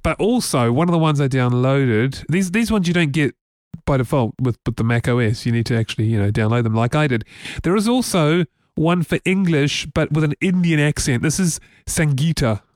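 A man's voice: fairly high pitch, lively intonation, normal speed, hardly any pauses, a little mellow, no room sound, clean studio sound. A man from New Zealand co-hosting a casual tech podcast, chatty and rambling with many fillers. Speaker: podcast co-host.

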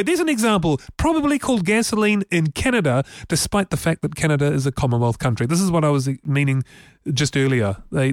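Chatty New Zealand man, higher voice. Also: dry recording, studio quality. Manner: chatty, laughs often, frequent restarts and fillers. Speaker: podcast co-host. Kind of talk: casual tech podcast chat.

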